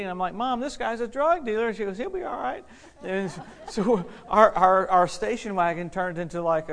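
Exuberant preacher man, slightly high voice. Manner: exuberant, laughs often, repeats key phrases for emphasis. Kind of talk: lively sermon with anecdotes. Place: church service with a responding congregation.

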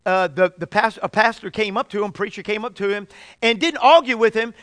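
A fervent male preacher with a high, smooth, resonant voice. He often restarts his phrases and stretches his key words slowly. The sound is close and dry. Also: a bit bright, no room sound. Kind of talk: sermon.

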